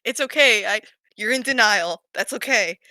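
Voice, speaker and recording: A woman's voice: on the high side, moderate pace, bright, forceful tone, no echo. A woman voicing an earnest, melodramatic young man who keeps apologising to his friend in a soothing voice. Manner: apologetic, breathless with giggles, soothing.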